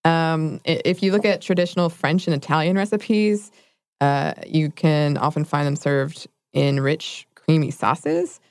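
A woman's voice: deep voice, fairly even intonation, measured pace, a little mellow, no echo. A woman co-hosting a casual food chat, laughing often and correcting herself. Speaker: podcast co-host.

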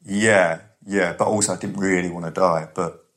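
A man's voice: low-pitched, normal speed. Storytelling man. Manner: animated storyteller, acts out other people's voices. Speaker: comedian guest. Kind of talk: casual chat, telling stories.

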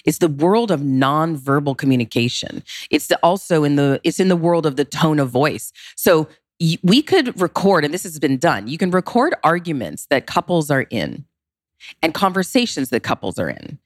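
Low-voiced expressive woman, dry sound. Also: moderate pace, no echo. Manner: expressive, emphatic with big pitch leaps. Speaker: relationship consultant. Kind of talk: podcast interview.

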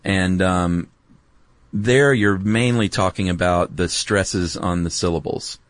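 A man with a deep voice co-hosts a podcast at a slow pace, chatting casually as he explains the topic. He's playful, throws in asides, and is clearly keen on the details. There's no room sound.

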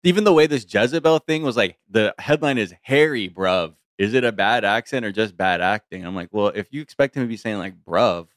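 A man's voice: on the low side, lively intonation, a little fast, hardly any pauses, no echo, clean studio sound. A man co-hosting a podcast, chatting casually and joking with his co-host, swearing freely. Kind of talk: casual chat. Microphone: studio mic.

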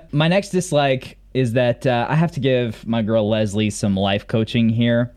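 A man's voice: medium pitch, steady tone, measured pace, darkish tone. A man co-hosting a podcast in casual recap chat, with dry, wry complaints. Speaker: podcast co-host.

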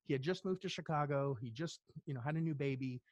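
Man, middle-aged, earnest, halting, fairly high pitch, dry sound. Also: darkish tone, no echo. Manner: earnest, halting, tearful at times. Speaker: guest. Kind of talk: emotional personal story in an interview.

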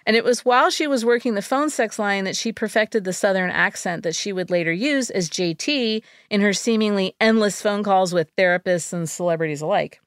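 A woman's voice: mid-range voice, a little fast, hardly any pauses, clear, resonant tone, no room sound, clean studio sound. A woman hosting a podcast, telling a story casually with wry jokes and plenty of "um" and "like". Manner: wry, jokey, with fillers like "um" and "like".

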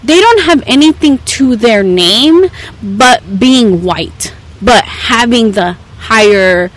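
A woman's voice: a little high, slow, poor audio. A young woman, a therapist, talking candidly and with animation as a podcast guest. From United States. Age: young adult. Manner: candid, animated, mixes Spanish into English. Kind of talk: casual conversation.

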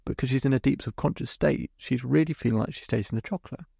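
A man's voice: medium pitch, fast, gravelly, mellow, husky, dry recording, clean studio sound. A man hosting a podcast as a hypnotherapist, telling a client's story in vivid detail and acting out both sides of the conversation. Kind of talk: storytelling monologue.

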